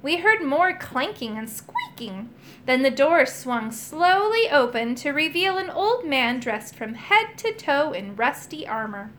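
A woman narrating a children's storybook chapter aloud in an expressive, animated manner. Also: sits high, unhurried.

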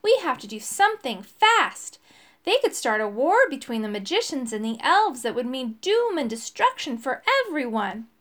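Woman voicing young male elf, eager, urgent, storybook, high bright voice. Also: big pitch swings, moderate pace.

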